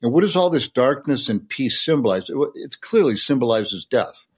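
A man's voice: mid-range voice, big pitch swings, moderate pace, husky. A man, a sportswriter and poet, explaining and reciting a poem with enthusiasm in a podcast conversation.

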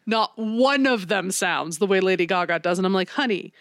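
A woman's voice: mid-range voice, moderate pace, clean tone, dry recording, studio quality. Blunt, laughing woman podcaster. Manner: blunt, swears freely, laughs often. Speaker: podcast co-host. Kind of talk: casual chat, movie review.

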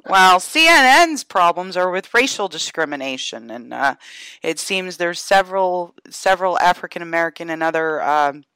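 A woman from Georgia co-hosting a podcast, chatting about the news in an animated way and laughing as she talks. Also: on the low side, moderate pace, clear, resonant tone, dry recording. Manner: animated, laughs while talking. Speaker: podcast co-host. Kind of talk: casual political chat.

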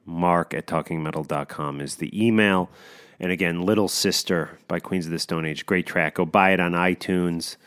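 Male metal podcast host, low voice, loose rambling delivery that trails off. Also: steady tone, moderate pace, clear, resonant tone. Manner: rambling, unsure, trails off quietly. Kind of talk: casual chat between songs.

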